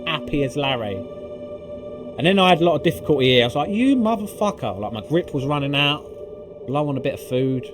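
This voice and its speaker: Talking fast in a slightly high voice, this man narrates his video game climb for a gaming channel while music plays behind him. He's excitable, swears freely, and leans heavily on fillers.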